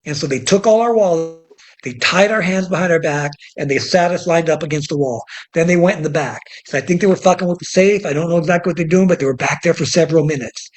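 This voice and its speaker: A man who teaches self-defense, telling animated, profane stories as a guest in an interview. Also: on the high side. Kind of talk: storytelling in an interview.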